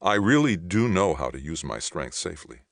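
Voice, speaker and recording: A man's voice: sits low, very animated, normal speed, vocal fry, fairly bright tone, dry recording, clean studio sound, heavily acted. A man voicing a friendly, patient young soldier back home, talking in a mild, easygoing way.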